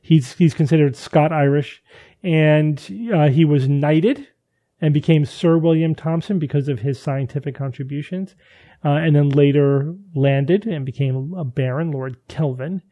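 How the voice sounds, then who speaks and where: A man hosting a podcast, chatting casually and reading listener emails in an animated way. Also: on the high side, unhurried, dull audio. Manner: chatty, animated, many restarts. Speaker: podcast host.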